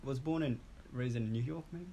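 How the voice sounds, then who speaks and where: A man whose first language is Japanese, chatting in English with a slightly husky voice, stammering and apologizing often. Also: mid-range voice, moderate pace, mellow, dull audio. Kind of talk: casual chat.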